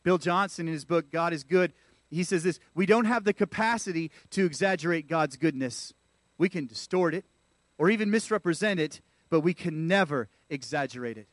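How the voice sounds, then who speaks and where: A man's voice: a little high, normal speed, no room sound. A man preaching a sermon in a church, calling out to the congregation. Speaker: pastor.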